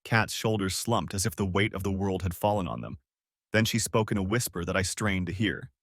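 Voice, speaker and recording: A man's voice: sits low, fairly quick, no echo, studio quality. A man narrating a first-person revenge story in a dramatic, sarcastic storytelling manner. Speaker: audiobook narrator.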